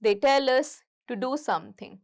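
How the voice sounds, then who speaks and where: A woman's voice: sits high, lively intonation, normal speed. A young woman teaching a grammar lesson, explaining each point step by step and repeating it. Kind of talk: recorded English grammar lesson.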